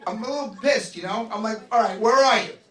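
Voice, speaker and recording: Stand-up comic, man, very high voice, lively act-outs; distant mic, roomy club. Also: fast talker. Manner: animated, acts out voices of others. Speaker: stand-up comedian. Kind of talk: stand-up comedy set. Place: comedy club stage. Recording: echoey club recorded from a distance. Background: audience laughing.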